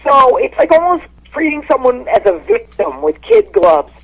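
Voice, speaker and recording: A woman's voice: sits high, animated, normal speed, gravelly. Brash woman on a muffled phone line. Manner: blunt, brash insult-comic delivery. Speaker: guest comedian calling in. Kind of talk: phone-in podcast chat.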